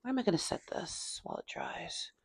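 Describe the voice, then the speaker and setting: A woman's voice: fairly quick, no echo. A chatty woman with a Tennessee Southern accent, talking through her miniature painting. She laughs often and mutters and whispers to herself as she works. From Tennessee, USA. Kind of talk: casual hobby vlog.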